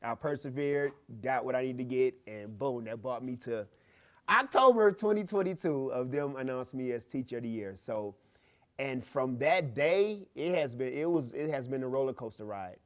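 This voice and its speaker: Animated storytelling man. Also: moderate pace. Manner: animated storyteller, acts out dialogue with big pitch jumps. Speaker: teacher and podcast guest. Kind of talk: storytelling in a podcast interview.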